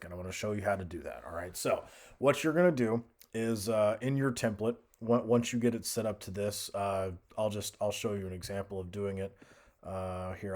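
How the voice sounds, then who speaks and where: A young man casually talking through a music software tutorial, thinking aloud with fillers and restarts. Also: on the low side. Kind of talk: screen-recorded software tutorial.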